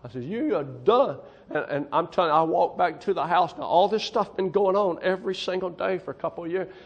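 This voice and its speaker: A man's voice: high-pitched, steady tone, fast talker, vocal fry, dull audio. A man preaching a testimony sermon as a missionary to a church congregation, folksy and emphatic, often repeating himself for stress. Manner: folksy, emphatic, repeats "I'm telling you".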